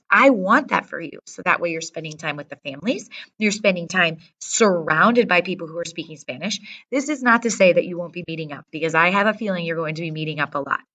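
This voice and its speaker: A woman's voice: lowish voice, pushed and bright. A woman from the Midwest, a Spanish teacher briefing her students in a direct, instructive way and often checking in with them. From American Midwest. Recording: voice from a distance from the mic.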